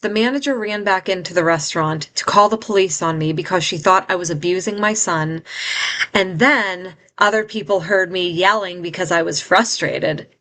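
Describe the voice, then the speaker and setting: A middle-aged woman with a somewhat low-pitched voice, speaking as a guest in an interview. She tells a painful personal story in an earnest, heartfelt way. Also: a bit bright.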